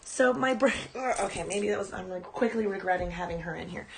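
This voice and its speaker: On a live stream, a woman who hosts a podcast casually rambles through a personal ghost story, chatty and stopping to coo at her dog. She speaks fairly quickly in a medium-pitched voice with vocal fry. A slight hiss or hum is audible.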